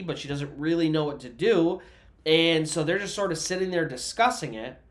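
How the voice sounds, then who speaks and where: A man's voice: fairly high pitch, lively intonation, normal speed, fairly bright tone. A man narrating a true story in a casual, conversational way, with asides to the listener and everyday fillers.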